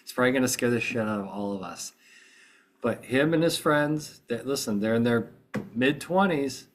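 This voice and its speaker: A man's voice: mid-range voice, animated, normal speed, a little hiss or hum. A middle-aged American man hosting a podcast in casual chat, groggy from just waking up, rambling and chatty with many restarts. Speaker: podcast host.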